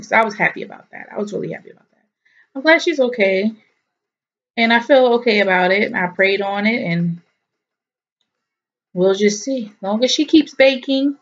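A woman's voice: medium pitch, dull audio. A young pregnant woman chatting in a rambling, casual vlog update, a little stuffy-nosed and short of breath, with frequent ums and likes. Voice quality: nasal, stuffy. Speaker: vlogger.

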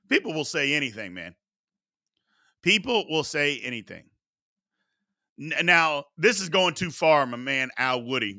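A man's voice: on the high side, bright, forceful tone. A man from Kentucky hosting a casual sports talk show, reacting to chat comments and often repeating himself for emphasis.

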